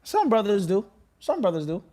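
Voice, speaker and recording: Animated man lecturing on religion. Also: high voice, normal speed. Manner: animated, asks the audience rhetorical questions. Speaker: Islamic teacher.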